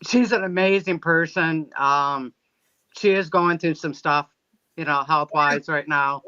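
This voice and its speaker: A man from Michigan, a guest who runs paranormal events, speaking haltingly with many fillers and restarts. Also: a little high, steady tone, bright, forceful tone, clean tone, highs cut off. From Michigan, USA. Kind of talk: casual interview chat.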